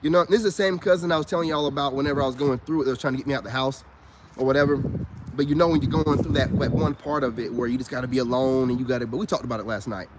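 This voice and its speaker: A man, ranting to camera in an animated, preachy monologue. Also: rapid-fire, background noise. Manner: animated, preachy, rising to high-pitched exclamations. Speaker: vlogger.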